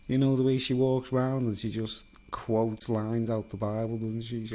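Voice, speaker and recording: A man's voice: medium pitch, flat delivery, moderate pace, hardly any pauses, warm tone. A man delivering a digressive, conspiratorial solo monologue, constantly seeking agreement. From England. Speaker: vlogger.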